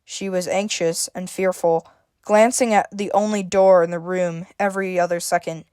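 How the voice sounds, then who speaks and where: A woman's voice: on the low side, steady tone, moderate pace, a little mellow, smooth, no echo, clean studio sound. A woman reading a scripted story aloud as narrator. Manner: reads dialogue with shifting emphasis, stammers for a frightened character.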